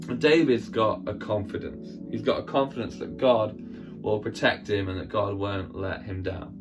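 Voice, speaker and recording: Man telling a lively Bible story. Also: lowish voice, normal speed, over music. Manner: lively, acts out the story with sound effects. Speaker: children's church presenter.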